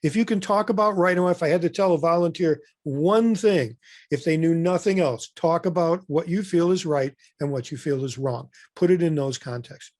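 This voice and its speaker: A man leading a webinar in a relaxed, conversational way, stopping often for fillers and self-corrections. His voice sits a little high for a man. It comes through close and dry, with no room sound. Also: moderate pace, dry recording. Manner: loose and conversational, with many fillers and restarts. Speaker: webinar presenter. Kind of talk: informal webinar presentation.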